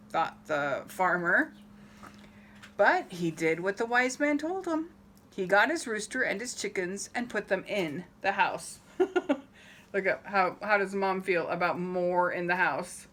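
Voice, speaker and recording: With a medium-pitched voice and a slow delivery, a woman reads a picture book to children against slight background noise. She acts out the story energetically and poses questions to the kids.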